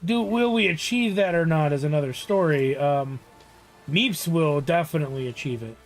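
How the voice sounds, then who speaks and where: A young man talks through a game on a live stream, playful and quick with a joke. His voice sits a little high for a man. Faint game music plays under him. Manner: joking, playful, slips into silly bits. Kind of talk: casual live-stream chat.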